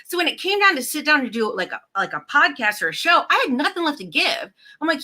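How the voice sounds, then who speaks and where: A woman's voice: on the high side, very animated, brisk, pushed and bright. A woman, hosting a casual chat in a bubbly, chatty way full of "like". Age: 40s. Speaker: host.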